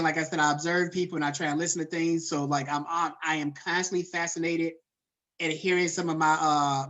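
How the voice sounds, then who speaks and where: A male college lecturer teaches a class over a video call. He talks casually and loosely, checks in with his students by name, and leans on frequent fillers. The delivery stays relaxed and conversational throughout. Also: sits high.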